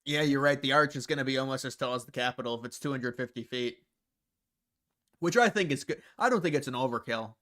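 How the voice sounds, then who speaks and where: A man's voice: mid-range voice, fairly quick, bright, forceful tone. Rambling man hosting a livestream. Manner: rambling, answers viewers' comments. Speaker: livestream host. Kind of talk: casual livestream chat.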